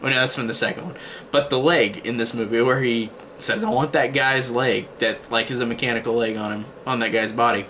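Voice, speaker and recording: A man's voice: medium pitch, fairly even intonation, fast, pushed and bright, a little hiss or hum. A man giving a casual spoken movie review, rambling with frequent restarts and fillers.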